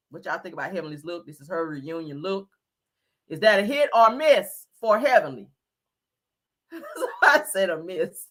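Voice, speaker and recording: Woman host, bright and sassy, animated, blunt fashion takes for a live chat. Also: fairly high pitch. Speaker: livestream host. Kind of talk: casual celebrity fashion commentary.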